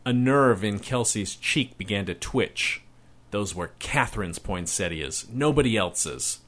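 Man, storybook narrator, slow pace, lively pitch, measured reading.

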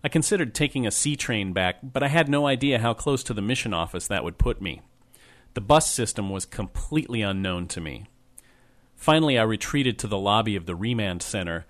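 A young adult man narrating a first-person memoir in a wry, measured, plain-spoken way. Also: lowish voice. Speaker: audiobook narrator.

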